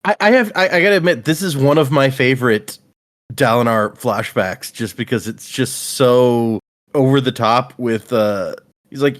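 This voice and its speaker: A man's voice: medium pitch, expressive, moderate pace. A man hosting a casual book podcast, friendly and laughing a lot. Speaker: podcast host. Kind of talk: casual book-club chat.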